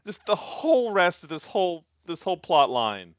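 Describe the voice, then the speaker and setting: A man chats enthusiastically about a show, with a lot of filler words. His voice is a bit high and very lively in pitch, and the recording is dry. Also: moderate pace, dry recording. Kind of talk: casual recap chat.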